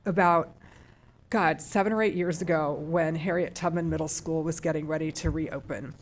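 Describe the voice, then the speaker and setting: A middle-aged woman with a low voice speaks at a public school board meeting. Her remarks are heartfelt and emotional, full of restarts and trailing phrases as she shares what the decision means to her. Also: steady tone, moderate pace, a little hiss or hum.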